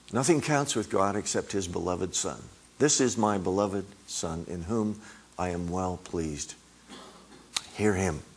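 Slow, low-voiced man preaching. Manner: emphatic, rising on repeated words. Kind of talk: sermon.

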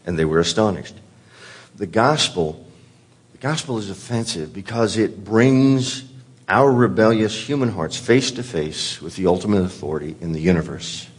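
Male pastor, sermon delivery, earnest and emphatic, a breathy low voice. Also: normal speed. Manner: earnest preaching with repeated words and restarts.

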